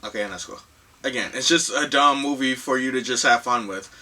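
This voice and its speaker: A man co-hosting a casual movie review chat, teasing and quick to laugh and correct his co-host. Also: medium pitch, bright, forceful tone, distant mic.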